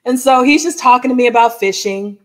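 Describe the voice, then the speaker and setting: A woman co-hosting a podcast, telling a lively personal story in casual chat and acting out the dialogue as she goes. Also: a little high, a little fast. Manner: animated storyteller, acts out dialogue, frequent "like" and "oh my gosh". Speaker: podcast co-host.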